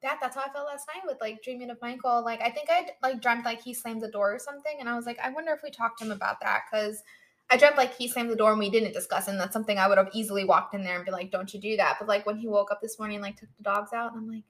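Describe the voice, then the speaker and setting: Young female co-host, quick and bright-toned, higher voice, acts out her own thoughts in lively retellings. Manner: animated storyteller acting out her own inner dialogue, swears freely. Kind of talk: casual chat.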